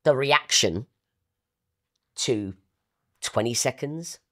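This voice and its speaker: A woman's voice: extremely low pitch, expressive, drawn-out words. A woman, the artist's manager, talking in a casual podcast chat. She speaks emphatically and confidently, often checking in with "okay?" and "all right?". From England. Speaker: artist manager and guest co-host.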